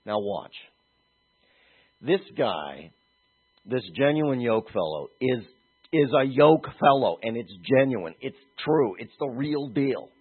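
A man preaching a sermon, talking animatedly and moving from soft, slow stretches to emphatic ones. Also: mid-range voice, animated, slightly rough. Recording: tinny phone-like audio.

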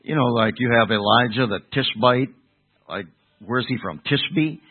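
A man's voice: mid-range voice, measured pace, slightly rough. A male preacher from delivering a sermon, rambling with restarts and rhetorical questions to his congregation. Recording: tinny phone-like sound.

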